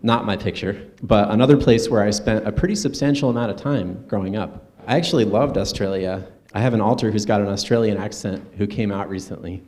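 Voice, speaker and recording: A man speaking earnestly at a conference, in a conversational presentation with soft asides. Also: lowish voice, brisk, hardly any pauses. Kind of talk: personal stage presentation. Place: conference stage.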